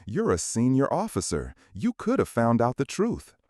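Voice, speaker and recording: A man voicing a quiet, saddened husband who answers calmly in a spoken story. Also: mid-range voice, moderate pace, dry recording, clean studio sound, voice pushed up. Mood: hurt. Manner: calm, quietly hurt. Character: calm, saddened working-class husband.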